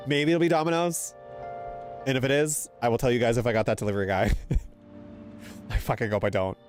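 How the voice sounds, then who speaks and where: A man's voice: mid-range voice, fairly even intonation, normal speed, long pauses. A young man streaming a game, chatting loosely, laughing and swearing while reading lines aloud. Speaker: gaming streamer. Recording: game music playing behind.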